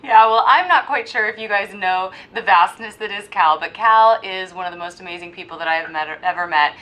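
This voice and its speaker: A woman co-hosting a casual podcast, speaking with warm enthusiasm and effusive praise, recorded at a hypnosis center. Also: medium pitch, brisk, poor audio. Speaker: podcast co-host.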